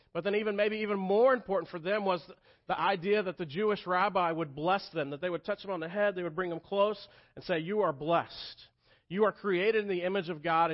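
A man in his thirties preaching a sermon as pastor, telling the story earnestly and dropping soft and quiet for tender moments. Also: high-pitched, highs cut off. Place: church sanctuary.

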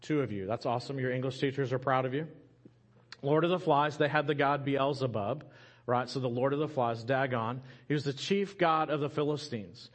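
A man's voice: mid-range voice, normal speed. A middle-aged man, preaching a sermon as a pastor, telling a scripture story with humorous asides to the congregation.

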